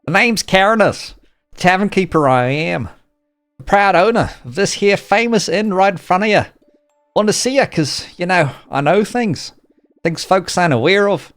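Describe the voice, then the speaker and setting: A man's voice: high voice, expressive, normal speed, dry recording, studio quality, faint music behind, voice pushed up. A man putting on a gossipy Aussie innkeeper. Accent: mock Australian. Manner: loud, gossipy, folksy slang. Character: boastful gossiping male tavern keeper.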